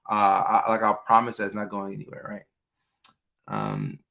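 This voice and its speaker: A young adult man with a lowish, gravelly, slightly bright voice is hosting a livestream. He chats loosely about relationships and answers viewer questions, using lots of filler words and acting out the voices of people he quotes.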